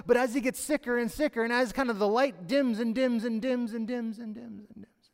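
A man's voice: extremely high pitch, normal speed. A man preaching a sermon who acts out the pleading voices of the characters in his story. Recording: long hall reverb.

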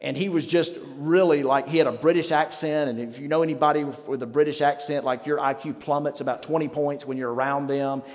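A middle-aged man preaching a sermon as pastor, conversational and self-mocking, with dramatic pauses. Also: fairly high pitch, fairly even intonation, darkish tone. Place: church sanctuary. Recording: reverberant church hall with faint music.

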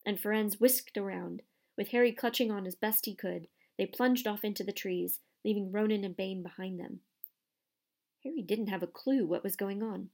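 A woman reads a storybook aloud at a middle pitch, her voice often dropping into a gravelly fry. Her narration is steady and expressive. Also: moderate pace. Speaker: audiobook narrator.

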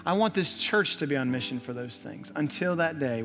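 A man's voice: a little high, lively intonation, moderate pace. A young adult man preaching a sermon in a church, telling a story with earnest repetition. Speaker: pastor. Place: church sanctuary. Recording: long church reverb, soft music.

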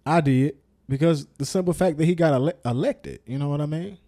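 Mellow-voiced man, blunt podcast co-host. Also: a little high, fairly quick. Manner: blunt, emphatic, swears freely. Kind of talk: casual chat.

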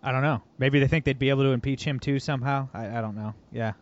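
A man's voice: medium pitch, fairly even intonation, quick pace, no room sound. A man hosting a political podcast, talking casually and animatedly, mocking and laughing often. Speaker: podcast host. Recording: dull lo-fi audio.

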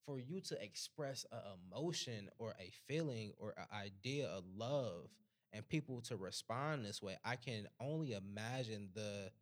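A man's voice: lowish voice, lively intonation, normal speed. Rambling man hosting a chat show. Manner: rambling, repeats words while building thoughts. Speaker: podcast host. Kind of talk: casual chat.

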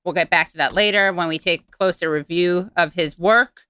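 A woman hosting a talk show, chatting casually and reading an email aloud in an animated, sardonic way. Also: fairly low pitch, normal speed, clear, resonant tone, no room sound. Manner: animated, sardonic, asks questions. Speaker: podcast host.

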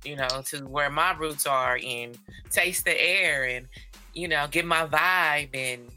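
A woman's voice: deep voice, slow pace, pushed and bright, faint music behind. A woman from Northern California co-hosting a podcast in casual chat, slangy and laid-back, laughing often. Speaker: podcast co-host.

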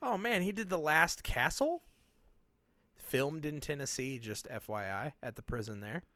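A man's voice: fairly high pitch, a little slow, dry recording. A man co-hosting a podcast, chatting casually and laughing often. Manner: laughing, animated, playful. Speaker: podcast co-host. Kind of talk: casual chat.

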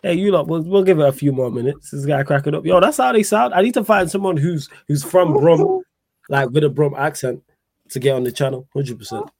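A man hosting a live football chat stream, joking and animated, slangy. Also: fairly high pitch, brisk, dry recording. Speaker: podcast host.

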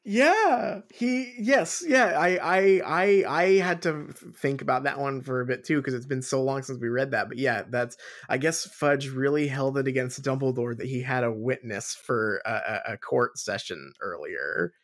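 A woman co-hosting a podcast in casual chat, talking in an animated, exclamatory way. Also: very deep voice, normal speed, hardly any pauses. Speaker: podcast co-host. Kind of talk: casual book-discussion chat.

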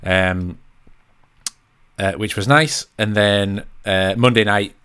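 An Englishman with a very low voice chats on a podcast. He is laid-back and sweary, and drifts through his news with plenty of ums. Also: steady tone, takes it slowly, bright, forceful tone, smooth. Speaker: podcast co-host. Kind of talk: casual podcast chat.

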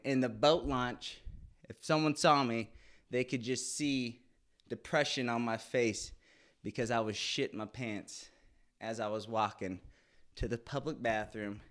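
A podcast host in his late twenties, with a medium-pitched, fairly bright voice, tells a candid, crude, comic story in a casual monologue. He swears a lot throughout.

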